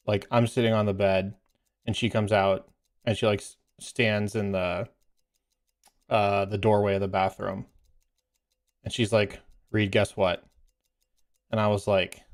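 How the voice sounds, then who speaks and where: A man and parent chatting casually while playing a game, telling a story in a rambling, filler-heavy way and laughing as he goes. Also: on the low side. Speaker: gaming streamer and parent.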